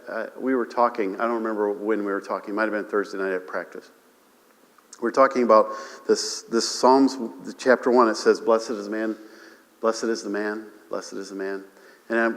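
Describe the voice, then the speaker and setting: A man preaching a sermon to his congregation, animated, often repeating himself and calling for amens. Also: medium pitch, big-room sound. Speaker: pastor. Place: church sanctuary.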